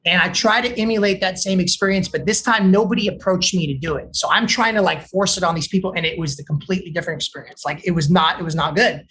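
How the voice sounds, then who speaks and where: A man's voice: high voice, fast, few pauses. A man from Texas, a counselor in addiction recovery, tells his story in a loose, chatty way. He jumps his voice up and down to act out what others said, and he stumbles into restarts and fillers as he goes. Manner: animated storytelling, acting out quoted voices.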